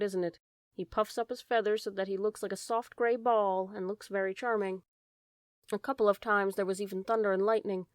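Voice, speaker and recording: A woman narrating a storybook in a calm, measured way. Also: mid-range voice, dry recording. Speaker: audiobook narrator. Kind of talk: storybook reading.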